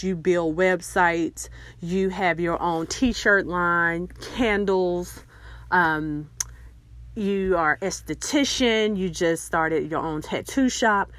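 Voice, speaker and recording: Woman podcast host, chatty and encouraging, mid pitch, dry close mic. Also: no room sound. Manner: chatty, motivational, laughs often. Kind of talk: casual solo podcast talk.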